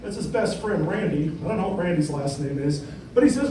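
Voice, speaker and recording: High-voiced man doing stand-up. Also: animated, a little fast, dark tone. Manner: rambling, conversational, keeps asking "right?". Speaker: stand-up comedian. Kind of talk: stand-up comedy. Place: comedy club stage. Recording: echoey room, distant mic, noisy.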